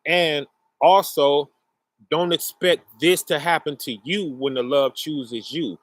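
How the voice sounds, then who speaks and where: A middle-aged man telling a personal story in a casual, earnest way, often checking in with the listener, his pace swinging between rushed and slow. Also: fairly high pitch, no echo. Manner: conversational, often checks in with "right?" and "you know".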